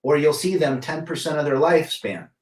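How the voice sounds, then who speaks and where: A man's voice: a little high, fairly quick. A middle-aged man hosting a casual livestream, giving blunt opinions and greeting chatters by name. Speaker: livestream host reading chat. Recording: roomy echo, mic at a distance.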